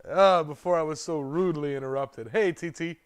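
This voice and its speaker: A man's voice: fairly high pitch, brisk, smooth. A man hosting a blacksmithing livestream, chatting in a laid-back way with his viewers from his forge. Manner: laid-back, chuckling, talks to chat. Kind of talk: casual livestream chat.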